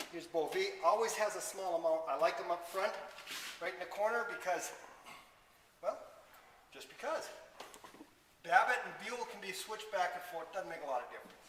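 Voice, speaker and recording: Bright-voiced man, echoey and distant. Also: a little high, slight background noise. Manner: chatty, dry sarcastic asides. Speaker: library van delivery driver. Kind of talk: explaining his work on camera. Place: inside a delivery van or loading area. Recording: echoey, roomy, from far off.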